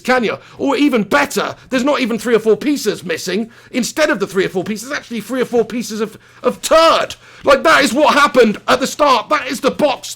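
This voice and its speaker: Man, high voice, gravelly edge, passionate fan live stream, home studio. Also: fairly bright tone. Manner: passionate, ranting, swears freely, reads out viewer messages. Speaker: live-stream host reacting to a football match.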